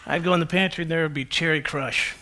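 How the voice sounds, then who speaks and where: A man preaching a sermon to a congregation as their pastor, conversational and animated, with self-deprecating humor. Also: fairly high pitch, quick pace.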